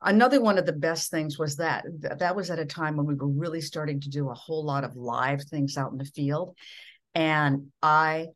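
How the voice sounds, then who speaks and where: A woman's voice: sits low, normal speed. A middle-aged woman from Minnesota, a veteran television newscaster, telling stories from her career in an earnest way. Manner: earnest, with frequent restarts and quoted dialogue. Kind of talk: reflective storytelling in an interview.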